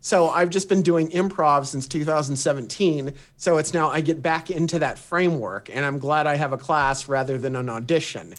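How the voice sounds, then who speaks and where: A man with a somewhat high voice chats casually on a podcast. He speaks hesitantly, with plenty of self-deprecating asides. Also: moderate pace, hardly any pauses. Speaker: podcast co-host. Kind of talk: casual chat.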